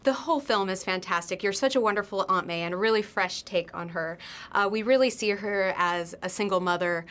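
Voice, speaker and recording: A woman's voice: medium pitch, fairly quick, a bit bright. Bubbly woman interview host. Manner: enthusiastic and bubbly, laughs often. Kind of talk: entertainment press interview.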